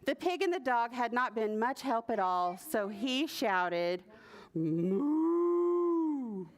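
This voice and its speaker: A woman librarian reading a picture book aloud at a preschool story time, animated and sing-song, with playful animal noises. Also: fairly high pitch, measured pace. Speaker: children's librarian.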